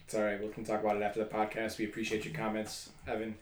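A man's voice: lowish voice, monotone, racing, a little hiss or hum. Rambling male podcast host, echoey room. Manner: rambling, talks at length with many fillers. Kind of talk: casual chat.

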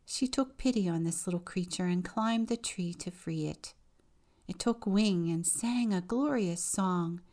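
A woman deacon reading a children's picture book aloud in a measured, expressive way. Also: lowish voice.

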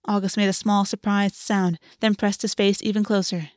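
A woman narrating a fantasy novel in a measured, steady reading voice of middling pitch. The sound is dry and close, with no room echo. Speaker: audiobook narrator. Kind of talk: scripted narration.

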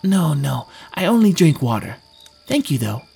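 A man voicing a gentle, soft-spoken alien male travel companion who talks in a mild, polite way. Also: fairly high pitch, sing-song, normal speed, creaky, faint music behind. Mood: reassuring. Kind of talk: audiobook character voice.

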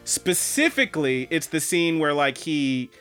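A man co-hosting a podcast, telling a story in casual chat, animated and swearing freely. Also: fairly high pitch, a little slow, faint music behind. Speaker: podcast co-host.

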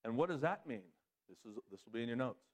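Addressing his congregation directly, a pastor preaches his sermon as an expressive, fast talker. He pushes his voice up high for emphasis and brings it down low on serious points.

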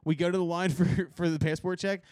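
Man, podcast host, high voice, dry studio sound, laughs a lot, swears. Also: flat delivery, fairly quick, darkish tone, clear, resonant tone, no room sound. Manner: rambling storyteller, laughs often, swears. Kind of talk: casual podcast chat. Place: rehearsal studio.

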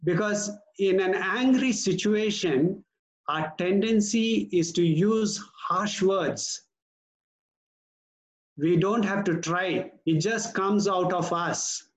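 A man preaching a sermon as pastor, earnest and measured, slowing down to stress key words. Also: high-pitched, poor audio.

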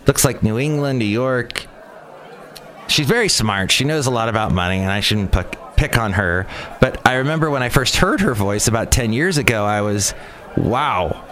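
Traffic hums behind this male podcast host, whose Californian accent colors a wry, rambling, chatty monologue. His voice sits at medium pitch, a bit bright, with lively intonation and a normal speed.

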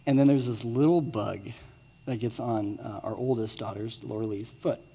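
A man in his thirties giving a sermon as pastor, moving between lively storytelling and quiet, earnest appeals to the listeners. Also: medium pitch, moderate pace, gravelly, slightly rough, in a large hall. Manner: swings from excited storytelling to hushed earnest appeals.

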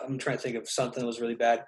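A young man talking casually about life on tour. He rambles through his stories, restarting sentences and trailing off, with an even, mid-range voice. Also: mid-range voice, rapid-fire, poor audio. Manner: rambling storyteller, loose and animated, many restarts. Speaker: touring musician, podcast co-host. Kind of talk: casual chat.

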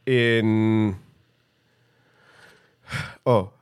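Mid-pitched rambling man, dry sound. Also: fairly even intonation, extremely slow, clean tone, no echo. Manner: profane, rambling, casual. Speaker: podcast co-host. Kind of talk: casual chat.

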